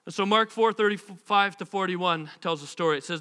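A man's voice: high voice, fairly quick, hardly any pauses, pushed and bright, clean tone. A man in his thirties preaching a sermon, a pastor who acts out the voices of the people in his stories.

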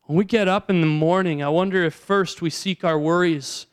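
A pastor delivers his sermon in a high, resonant voice. He keeps it conversational, turning to the listeners again and again with rhetorical questions. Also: fairly even intonation, moderate pace, smooth.

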